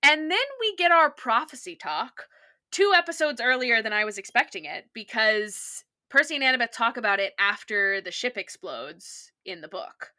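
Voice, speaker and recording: A woman's voice: fairly high pitch, expressive, moderate pace, bright, forceful tone. A woman co-hosting a podcast, chatting casually and enthusiastically about a TV episode, with lots of "like". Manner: chatty, peppered with "like". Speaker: podcast co-host. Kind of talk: casual chat recapping a TV episode.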